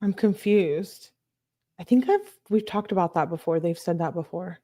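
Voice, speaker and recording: A woman's voice: fairly low pitch, normal speed, mellow. A woman reading text messages aloud in a casual way, breaking off for asides and disgusted reactions. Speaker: true crime commentator.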